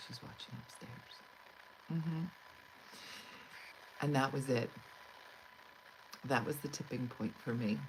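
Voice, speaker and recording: A middle-aged woman, a comedian, telling an exasperated, animated story to her livestream audience and acting out the quotes. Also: extremely low pitch, background noise. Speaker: comedian host. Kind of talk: storytelling monologue.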